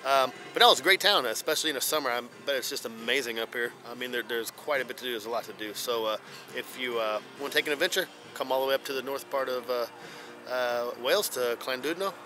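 A man's voice: mid-range voice, fast, low-quality recording. A man with an American Midwest accent, rambling through a casual travel vlog with fillers, tired and out of breath from walking uphill. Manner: rambling, with fillers and self-corrections. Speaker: travel vlogger. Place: outdoors on town streets and a hilltop. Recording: outdoor street noise with traffic. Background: street and vehicle noise.

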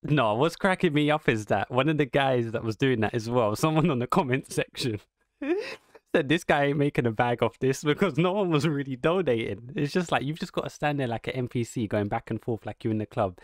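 A man's voice: mid-range voice, lively intonation, fairly quick, dry recording, clean studio sound. A man giving casual, rambling reaction commentary, amused and musing aloud as the host.

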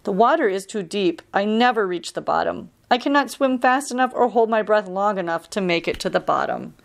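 A woman giving voice to a calm male culture hero from a storybook who leads the others with quiet authority. He speaks slowly and solemnly, every word measured and reassuring, in a middle-pitched voice. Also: vocal fry. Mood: determined.

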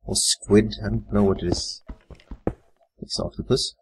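A man's voice: fairly low pitch, steady tone, normal speed, darkish tone, a little hiss or hum. A man muttering and swearing casually while commentating his own live gameplay. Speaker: gamer. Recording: faint computer fan whine.

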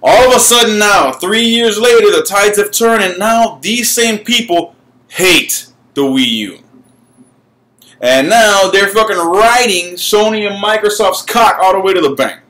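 A man's voice: high-pitched, a bit bright. A man who runs a gaming channel, ranting to camera in a heated, profane way and repeating his words when he gets worked up. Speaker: gaming YouTuber. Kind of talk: ranting vlog.

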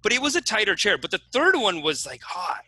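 A young man co-hosting a casual comedic chat, excitable and laughing a lot. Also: high voice, a little fast, no room sound, low-quality recording. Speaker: co-host.

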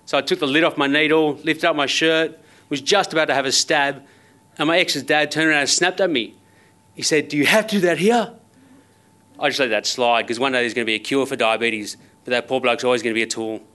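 A man's voice: mid-range voice, steady tone, quick pace, bright, forceful tone. An Australian man in his thirties giving a conference keynote, telling personal stories with wry, self-deprecating humour in a conversational way. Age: 30s. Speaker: motivational speaker. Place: conference stage.

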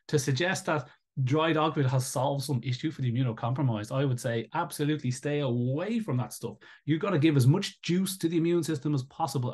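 Male commentator, mid-pitched, indignant and sarcastic, talking live to camera about an article. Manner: animated, sarcastic, indignant rebuttals. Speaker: raw-feeding advocate commentator.

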